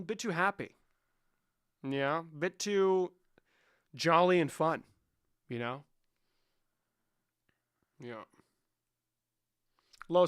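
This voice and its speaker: A man's voice: a little high, fairly bright tone, clear, resonant tone. A young adult man streaming live, chatting casually with his chat in a profane, rambling and joking way. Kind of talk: casual livestream chat, answering chat.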